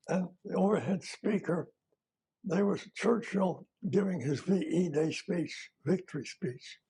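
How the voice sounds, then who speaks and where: Older veteran man, husky, halting. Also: high-pitched, dark tone. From United States. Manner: plain-spoken, halting, with fillers and self-corrections. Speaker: retired army veteran. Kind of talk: oral history recollection.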